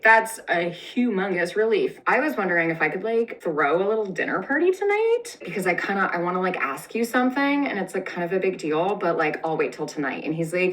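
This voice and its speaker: A young woman with a low voice tells an old story for laughs, and she swears freely and sprinkles "like" through every line. Her tone is sarcastic and full of snarky asides. She sounds a little far from the mic. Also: lively intonation, normal speed, fairly bright tone. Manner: sarcastic, profane, valley-girl "like" filler, snarky asides. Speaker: comedic storyteller. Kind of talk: casual comedic retelling.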